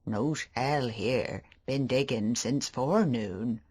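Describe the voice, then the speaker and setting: A reader voicing a simple-minded old male fisherman who speaks in a slow, rustic drawl in an audiobook. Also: mid-range voice, darkish tone, slightly rough. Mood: dim and friendly. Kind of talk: audiobook character voice.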